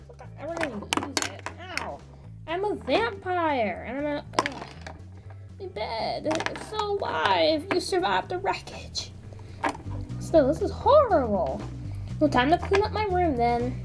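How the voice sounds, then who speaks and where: A young vampire princess, defiant and indignant, speaks in a high, lively voice that leaps around as she exclaims, voiced by a woman. The toy figure drama plays over background music. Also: unhurried, gravelly, exaggerated voice. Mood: grumbling.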